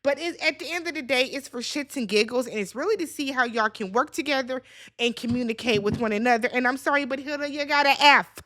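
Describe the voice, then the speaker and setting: A woman with a high voice recaps a reality show in a casual vlog. She is blunt, sassy and freely profane, and she talks straight at her viewers as if they were friends. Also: fast, fairly bright tone.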